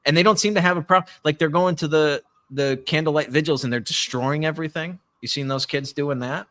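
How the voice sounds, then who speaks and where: A man co-hosting a live podcast, talking in a rambling, animated way and swearing often. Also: fairly high pitch, fairly quick. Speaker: podcast co-host. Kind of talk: casual political chat. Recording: live stream call.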